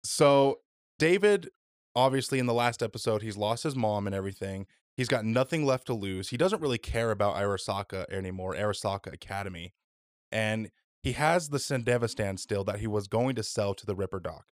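A man hosts a casual podcast chat in a relaxed, unhurried way, his voice sitting a little low. He swears freely and leans on fillers like "like" and "um". The sound is dry and close. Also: no echo. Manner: laid-back, swears freely, many fillers. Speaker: podcast host.

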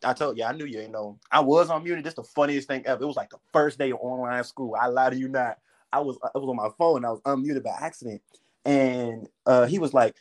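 A man's voice: mid-range voice, fast talker. A young man hosting a casual podcast, joking and trading slang-heavy banter with a friend. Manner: joking banter, lots of slang, bursts into laughter. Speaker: podcast host. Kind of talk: casual chat.

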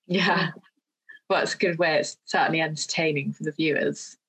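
A woman hosting an interview, with a low voice that is gravelly and husky. She asks long, friendly questions in an easy manner. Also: steady tone, moderate pace, fairly bright tone, low-quality recording. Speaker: interviewer, podcast host.

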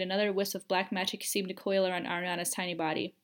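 A woman narrating a fan fiction audiobook with measured, expressive storytelling. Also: on the low side.

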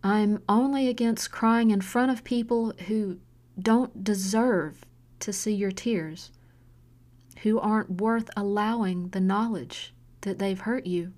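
A woman's voice: medium pitch, a little mellow, lightly acted. A woman voicing an intense middle-aged mother who is hard on her daughter, speaking in an earnest, pressing way in an audiobook story. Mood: insistent. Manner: earnest, pressing, slow deliberate pleading.

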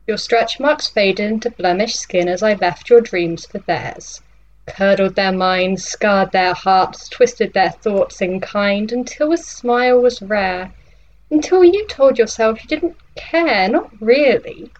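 A woman voicing a sinister, patient nightmare villain in a dramatic monologue poem, speaking slowly and tauntingly. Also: medium pitch, lo-fi sound, lightly acted. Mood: menacing. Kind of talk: dramatic monologue poetry reading.

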